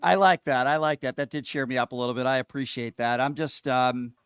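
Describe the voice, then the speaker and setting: A man's voice: medium pitch, steady tone, a little fast, fairly bright tone, smooth, dry recording, clean studio sound. A man hosting a talk radio call-in show, talking in a heated, outspoken way and leaning hard on his words. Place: radio studio.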